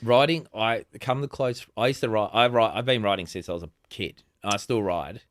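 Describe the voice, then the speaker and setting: A man's voice: lowish voice, normal speed, dry recording. Chatty Australian man in his forties, dry sound. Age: 40s. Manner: chatty, laughs often, many restarts. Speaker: podcast guest. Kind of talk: casual conversation.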